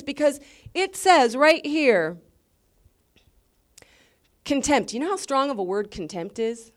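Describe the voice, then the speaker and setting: Woman preaching, high voice, fired up and emphatic, asks the crowd lots of questions. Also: lively intonation, slow, pauses often. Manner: passionate, emphatic, rhetorical questions. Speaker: Bible teacher. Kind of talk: sermon.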